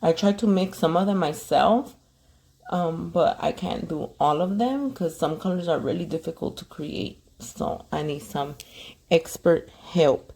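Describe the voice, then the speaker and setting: Young woman, salon chatter, dark and gravelly, swears a lot. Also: fairly low pitch, measured pace. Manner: chatty, profane, gossipy. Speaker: nail technician. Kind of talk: casual chat while working. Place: nail salon workstation.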